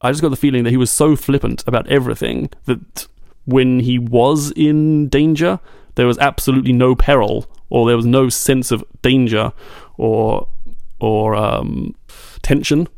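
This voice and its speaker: A man co-hosting a casual book podcast, with a gravelly edge to his voice. He vents in an exasperated, animated way. The sound is dry and close, with no room. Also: medium pitch, normal speed, no room sound. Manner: exasperated, animated complaining with laughs. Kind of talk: casual chat.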